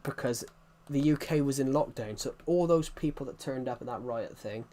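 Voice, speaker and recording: A British man livestreams, chatting casually in an opinionated, rambling style with many restarts. His voice is mid-range with a dark tone, and he talks at a normal speed.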